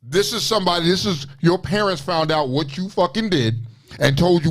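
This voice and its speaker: A man's voice: high-pitched, moderate pace. A man co-hosting an uncensored talk show, talking emphatically and with profanity. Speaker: podcast co-host. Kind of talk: uncensored casual chat.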